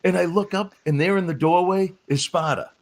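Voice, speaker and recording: A man who is a former wrestling referee, guest on a podcast, telling stories in an animated, laughing way. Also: sits high, brisk. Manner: animated storyteller, breaks into laughs. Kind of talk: casual storytelling on a podcast.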